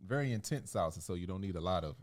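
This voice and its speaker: Low-voiced, laid-back man. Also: expressive, fast, a little mellow, no echo, studio quality. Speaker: podcast co-host. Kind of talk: casual chat.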